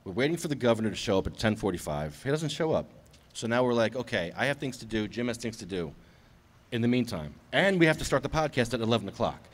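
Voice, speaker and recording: A man's voice: mid-range voice, big pitch swings, fast talker. A man hosting a live podcast outdoors at a public event, chatting casually and teasing his co-host. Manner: joking, teasing.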